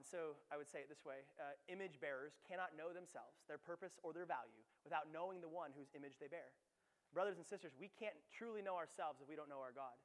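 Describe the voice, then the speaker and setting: Young male pastor, high-pitched, conversational sermon turning emphatic, big reverberant church. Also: a bit bright. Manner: conversational, rising to emphatic, with asides and tag questions.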